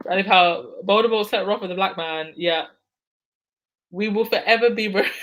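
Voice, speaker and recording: A woman's voice: fairly low pitch, rough recording. A woman hosting a casual live stream, reading out viewer comments and answering them by name, laughing often. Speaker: livestream host reading chat.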